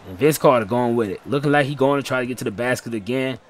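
A gaming channel host gives fast, casual play-by-play over a basketball video game, speaking in a medium-pitched voice. He's excitable and slangy, heckling his own players as he goes.

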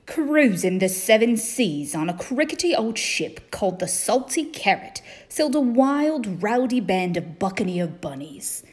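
Lady reading a pirate kids' book aloud, really lively ups and downs, playful. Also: medium pitch, unhurried, few pauses. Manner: playful pirate-themed delivery, animated. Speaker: storyteller. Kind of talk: read-aloud children's story.

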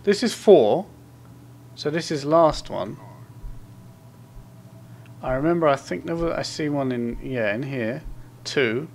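A man with a gravelly, creaky edge to his mid-range voice, talking his way through a horror game. He mutters asides under his breath and rattles off in-game notes in fast bursts, with a faint hum running behind him. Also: mid-range voice, lively intonation, a little mellow. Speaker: gameplay commentator.

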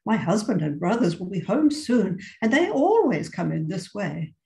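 Brisk, cheery aunt, storybook reading with some gravel, woman reading. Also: medium pitch, big pitch swings, darkish tone, roomy sound. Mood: cheerful. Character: cheerful bustling middle-aged aunt.

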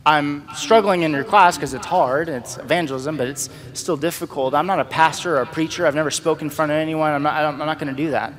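A man sharing a personal testimony as a storytelling sermon, acting out the dialogue in a lively way. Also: on the high side, fairly quick, hardly any pauses, in a large hall, faint music behind.

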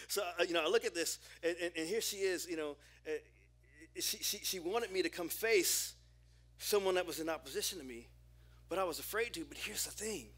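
A man in his forties preaching a sermon as a pastor, telling a personal story in an animated way with frequent restarts. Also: a little high. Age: 40s.

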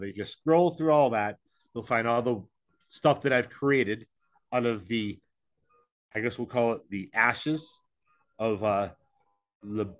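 A man's voice: lowish voice, a bit bright. Frank rambling man on a video call. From English-speaking, living in Mexico. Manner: frank, rambling, self-deprecating. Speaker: interview guest, author. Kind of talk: candid conversational interview.

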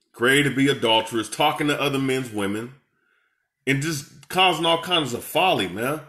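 A man's voice: medium pitch, pushed and bright. A man giving heated, profane reaction commentary as an online preacher, confronting and scolding his rivals. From Seattle, USA.

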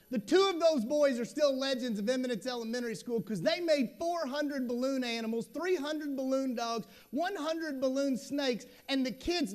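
A middle-aged man giving a conference keynote, telling stories in a folksy, animated way with asides to the audience. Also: very high voice. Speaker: school superintendent giving a keynote. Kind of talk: storytelling conference talk.

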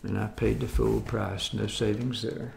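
This is a man in his seventies from the United States, chatting his way through a casual grocery haul. His voice is gravelly and pitched fairly low. He talks in a loose, rambling manner, with folksy asides that often carry a note of doubt. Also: little pitch movement, measured pace, darkish tone, slight background noise. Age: 70s. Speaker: food vlogger.

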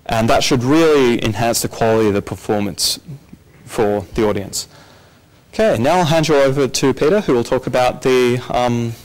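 A man's voice: medium pitch, moderate pace, rough recording. A man presenting a technical conference talk, explaining plainly and handing over to a colleague.

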